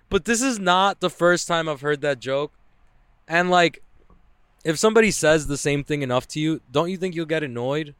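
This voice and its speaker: A man's voice: fairly high pitch, normal speed, a bit bright, clean tone, no echo. A young man ranting to camera in a loose, profane way, full of "like" fillers. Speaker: vlogger. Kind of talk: casual rambling rant.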